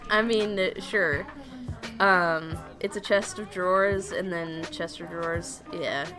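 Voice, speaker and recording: A woman's voice: on the low side, slow pace, music in the background. A young woman from Tennessee with a Southern accent, co-hosting a podcast in casual chat, full of fillers and laughs. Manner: chatty, laughs often, many fillers. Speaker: podcast co-host.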